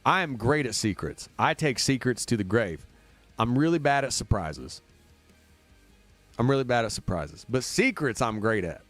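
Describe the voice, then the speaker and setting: A man's voice: mid-range voice, animated, normal speed, fairly bright tone. A man from Indiana, a band member booking a tour, chatting casually and upbeat on a livestream, rambling with plenty of fillers. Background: faint demo music looping.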